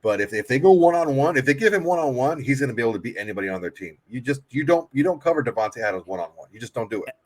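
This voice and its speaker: A man's voice: medium pitch, expressive, racing, few pauses. A man co-hosting a casual sports podcast, blunt and emphatic, swearing heavily. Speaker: podcast co-host.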